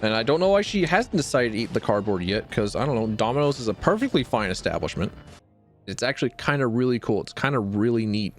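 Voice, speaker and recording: Man, game streamer, excitable rambling commentary, faint background music. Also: fast. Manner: rambling, excitable, jumps to high yelps and laughs. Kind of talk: let's play commentary.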